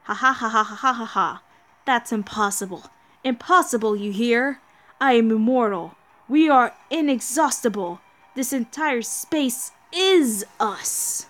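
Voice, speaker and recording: A woman's voice: fairly high pitch, a little slow, fairly bright tone. A woman voicing a monstrous demon god collective in a game, taunting and laughing theatrically while reading the dialogue aloud. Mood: gloating.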